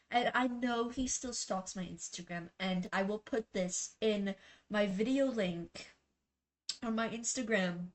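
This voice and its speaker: Slow, blunt young woman vlogger. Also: mid-range voice. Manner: rambling, blunt, swears freely, many fillers. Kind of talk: casual storytelling vlog, ranking tiers.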